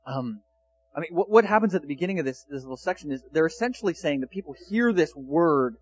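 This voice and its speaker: A man giving a relaxed, conversational sermon, telling the story in everyday words between scripture readings. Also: on the high side, fast. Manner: conversational, chatty with fillers. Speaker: pastor. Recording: dull lo-fi sound.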